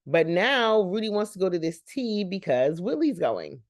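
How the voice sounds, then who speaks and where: A woman's voice: fairly low pitch, big pitch swings, normal speed, no echo, clean studio sound. A woman hosting a reaction channel, recapping a sitcom episode in a chatty, rambling way with laughing asides.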